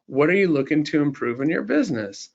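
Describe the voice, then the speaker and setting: A syrupy Southern belle chatbot assistant, as a man puts her on, pitched up high and sweet-talking with every pet name in the book. Her voice comes through slightly muffled, like a screen recording. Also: lively intonation, brisk, vocal fry. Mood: sugary sales pitch. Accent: put-on Southern US belle. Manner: sweet-talking, calls the user darling and sugar.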